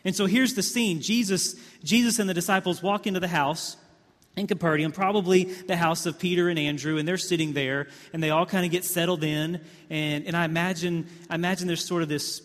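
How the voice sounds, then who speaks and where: A male pastor preaching a sermon, telling the scene like a story, with many repeated words and swings from hushed to emphatic. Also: high voice, steady tone, a little fast. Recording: long hall reverb.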